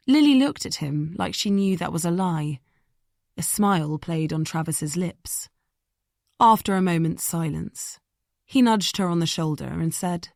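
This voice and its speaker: Woman, audiobook narrator, gravelly, dry close sound, measured storytelling. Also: sits low, dry recording.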